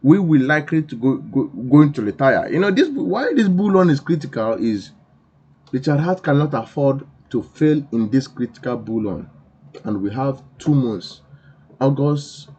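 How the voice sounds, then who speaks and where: A man's voice: mid-range voice, big pitch swings, a little slow, mellow, breathy edge. A man hosting a crypto channel, giving emphatic commentary in an insistent, repetitive, preachy way. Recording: dull lo-fi recording.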